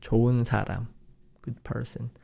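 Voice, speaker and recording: A young Korean man teaching his native language in English with a Korean accent, drilling phrases at fast speed and insisting on serious practice. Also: mid-range voice, flat delivery, vocal fry, dark tone, breathy edge. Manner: drills phrases in rapid repetitions, earnest and insistent. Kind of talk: online language lesson.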